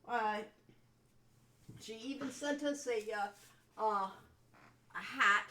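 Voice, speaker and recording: A woman's voice: a little high, takes it slowly, sharp tone, slight background noise. A woman co-hosting a game developers' livestream, chatting casually and reminiscing in a meandering way. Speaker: co-host of a game developers' stream.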